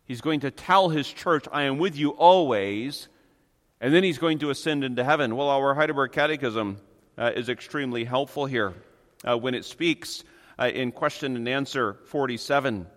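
A man's voice: medium pitch, fairly bright tone. Earnest man preaching in a hall. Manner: earnest, emphatic preaching with slow stressed phrases. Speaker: pastor. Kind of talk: sermon.

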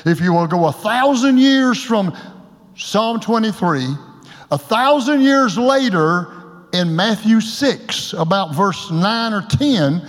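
An older male pastor with a high voice delivers a folksy, joking sermon. He breaks now and then into loud shouts. Long reverb from a church hall trails after his words. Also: lively intonation, takes it slowly. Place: church sanctuary.

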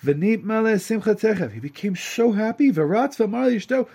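A man teaching a lesson in an animated, chatty way, reading a story aloud, translating it and breaking into asides. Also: high voice, moderate pace, gravelly, breathy edge.

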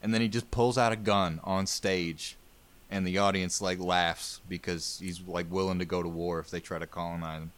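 A man's voice: sits low, little pitch movement, normal speed, a bit bright. A man co-hosting a podcast, telling a history story in a loose, profane, joking way. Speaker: podcast co-host. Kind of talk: casual history chat.

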